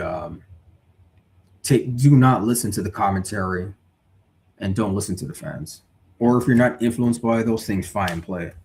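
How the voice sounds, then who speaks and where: A lower-voiced man hosting a live stream in a relaxed, chatty way. He argues hard for his views, gets heated and reads viewer comments aloud. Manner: animated, opinionated, reads chat aloud. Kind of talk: casual live boxing talk.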